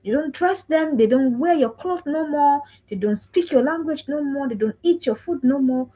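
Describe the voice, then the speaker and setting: A woman's voice: sits high, lively intonation, normal speed, warm tone, poor audio. A woman around forty from Africa, giving a preaching talk on parenting, emphatic, repeating phrases and asking if listeners understand. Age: 40s. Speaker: speaker on parenting. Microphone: livestream.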